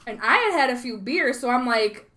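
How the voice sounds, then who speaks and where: A woman's voice: on the high side, lively intonation, normal speed, pushed and bright. A woman co-hosting a podcast, chatting casually and laughing at herself. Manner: chatty, self-deprecating, laughs often. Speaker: podcast co-host. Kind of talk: casual chat.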